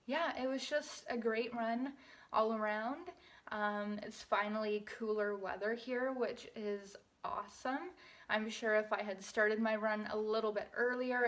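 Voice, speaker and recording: A woman's voice: fairly high pitch, fairly bright tone. Young woman chatting to camera, bit out of breath, rambles and loses her thread. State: slightly out of breath. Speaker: vlogger. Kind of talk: casual vlog chat.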